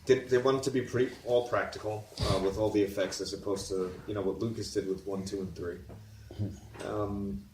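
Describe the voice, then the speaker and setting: A man's voice: on the low side, steady tone, normal speed, noisy background. A man chatting as a laid-back podcast co-host, reacting and giving his take on movies. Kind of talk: casual podcast banter. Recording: echoey room, mic far off, crowd behind.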